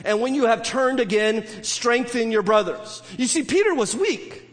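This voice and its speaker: Earnest male pastor with a high voice, preaching in a reverberant church hall. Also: expressive, moderate pace. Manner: earnest, pleading, lingers on key words. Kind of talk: sermon.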